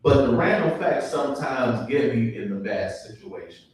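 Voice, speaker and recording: A young man performing a stand-up comedy set, chatty and relaxed, with ums and asides to the audience. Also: medium pitch, moderate pace. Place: live comedy show in a venue. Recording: distant, very echoey room mic with faint noise.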